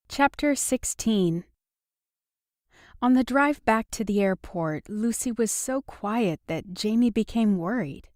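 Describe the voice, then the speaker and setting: A woman narrating a romance audiobook in an even, measured way. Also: on the high side, no room sound, clean studio sound. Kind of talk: scripted narration.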